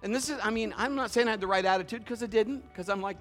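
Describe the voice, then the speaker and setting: A middle-aged man preaching a sermon, swinging between hushed tones and loud bursts as he acts out conversations. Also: sits high, quick pace, few pauses, faint music behind.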